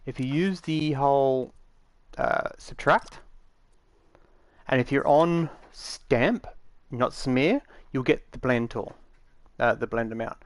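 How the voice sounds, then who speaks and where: A man's voice: mid-range voice, takes it slowly. A man giving a casual, rambling tutorial, matter-of-fact and full of fillers, recorded dry on a close mic. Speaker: game tutorial maker.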